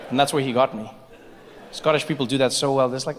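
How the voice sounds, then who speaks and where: A man's voice: on the high side, fairly quick, slight background noise. A man performing stand-up comedy, telling a story and acting out the people in it. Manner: animated storytelling, acting out voices. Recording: live hall with reverb, faint ambience.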